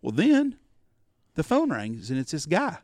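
A man's voice: fairly high pitch, measured pace, dry recording, studio quality. A man, a podcast co-host telling a story in casual chat, swearing freely and acting out the voices of the people in it. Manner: profane, animated storyteller, acts out quoted voices.

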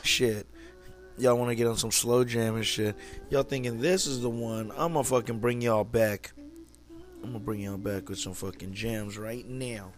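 A man's voice: medium pitch, normal speed, music in the background. A young man from California hosting a casual solo podcast, talking in a laid-back, slangy and profane way. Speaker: podcast host.

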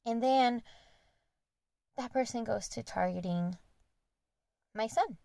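A woman's voice: on the high side, takes it slowly, vocal fry, pauses often, dark tone, no echo. A young woman hosting a podcast, candidly retelling a personal story in an earnest, conversational monologue. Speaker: podcast host.

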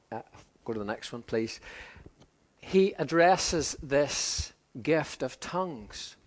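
A man preaching a sermon in a conversational way, acting out quoted voices. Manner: conversational, acts out quoted voices with lively pitch swings.

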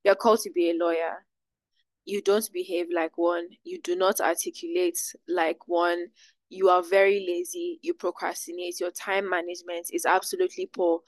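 A woman's voice: lowish voice, fairly even intonation, normal speed, no room sound. A woman moderating a live session, asking a long question and rephrasing it as she thinks aloud.

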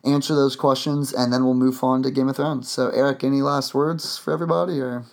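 A man's voice: medium pitch, level tone, fairly quick. A man hosting a podcast, chatting casually and rambling with lots of fillers and restarts. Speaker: podcast host.

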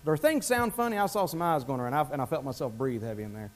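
Male pastor, high voice, conversational sermon delivery, quizzes the congregation. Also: lively intonation, fast. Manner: conversational, asks the congregation questions. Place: church.

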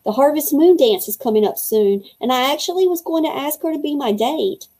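A fretful little vampire boy who talks too much and pleads his case in earnest, as a woman reads him aloud. The voice sits a touch high, with a mellow, soft-edged tone. It sounds like a storybook character. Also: lively intonation, fairly quick. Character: young boy vampire student, talkative and anxious.

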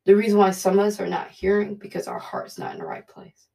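A woman's voice: mid-range voice, huge pitch swings, fast talker, vocal fry, dark tone. A woman giving an earnest, conversational devotional talk, often repeating her points. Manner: earnest, repetitive, conversational preaching. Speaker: preacher. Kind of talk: devotional teaching.

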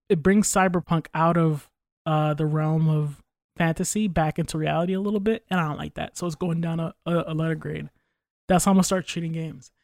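A man's voice: a little high, dry recording, clean studio sound. A man chatting casually on a podcast, opinionated and rambling, with frequent swearing. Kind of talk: casual chat.

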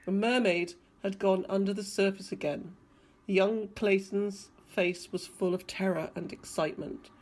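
A woman's voice: medium pitch, fairly even intonation, measured pace, a little mellow. Woman reading fiction dramatically. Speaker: reader. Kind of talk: audiobook reading.

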